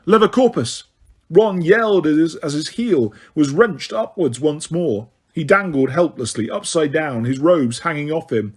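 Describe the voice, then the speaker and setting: A man's voice: a little high, animated, unhurried, hardly any pauses, darkish tone, breathy edge. A man narrating an audiobook, reading expressively with small slips.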